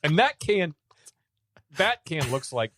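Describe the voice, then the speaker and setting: A man's voice: on the high side, sing-song, slow pace, fairly bright tone, no room sound, clean studio sound. A man co-hosting a podcast in casual chat, wry and easygoing as he tastes a beer. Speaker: podcast co-host.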